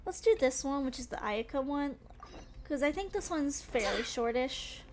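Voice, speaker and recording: A woman's voice: high voice, animated, moderate pace, noisy background. A young woman streaming games, chatting casually and rambling, still shaken and breathless after a scary game. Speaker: gaming streamer. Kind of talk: casual live-stream chat.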